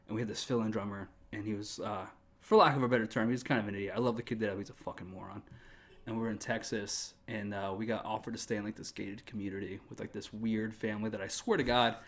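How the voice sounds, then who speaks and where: A man in casual talk, telling a story as a podcast guest, rambling and profane, filling it with "like". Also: lowish voice. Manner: rambling, profane, lots of "like" fillers. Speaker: podcast guest, former band member.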